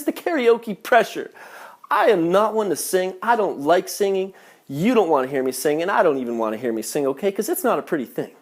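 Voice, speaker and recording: A man's voice: sits high, a little fast. A man telling a comic travel story in a vlog, swearing often and sounding exasperated at his own punchlines. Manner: profane, exasperated, animated punchlines. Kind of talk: comedic storytelling.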